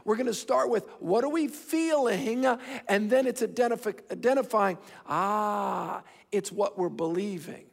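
A man's voice: sits high, a little slow, gravelly. A middle-aged man preaching a sermon as pastor, emphatic and repetitive, shifting his pace to drive points home. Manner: emphatic, repeats himself, shifting pace for stress. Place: large church hall. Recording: hall reverb from a large sanctuary.

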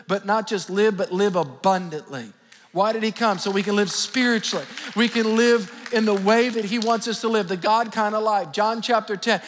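A man's voice: sits high, fairly bright tone. A middle-aged man preaching a sermon as pastor, fervent and calling out to his congregation. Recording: long hall reverb with faint music.

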